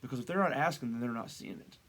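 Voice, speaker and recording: Talking fast in a slightly bright mid-range voice, a male pastor preaches a casual devotional sermon. It's conversational, with frequent restarts and side remarks, and his pitch rises on rhetorical questions.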